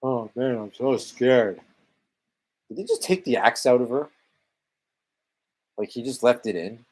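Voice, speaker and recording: A man's voice: mid-range voice, unhurried, darkish tone. Sarcastic, swearing Canadian man. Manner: exasperated, sarcastic, swears freely. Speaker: movie commentary live-streamer. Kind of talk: casual live commentary over a film.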